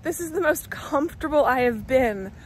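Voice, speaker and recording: An American woman hosts a travel vlog in an upbeat, chatty voice. Her pitch is high, and she keeps jumping in with quick asides. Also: animated. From United States. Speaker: vlog host. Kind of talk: casual chat. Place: outdoors on a river boat.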